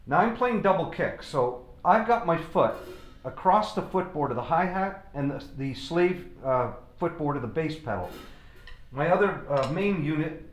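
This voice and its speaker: A man's voice: a little high, lively intonation, moderate pace. A man giving a drum lesson, explaining stickings step by step between bursts of playing. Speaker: drum teacher. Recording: echoey room with drums.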